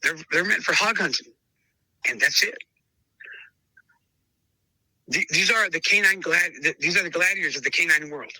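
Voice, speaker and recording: Emphatic man with a bright, sharp voice. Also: a little high, a little fast, dry recording, rough recording. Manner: emphatic, acts out both sides of past conversations, keeps calling the listener brother. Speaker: dog breeder. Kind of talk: casual interview storytelling.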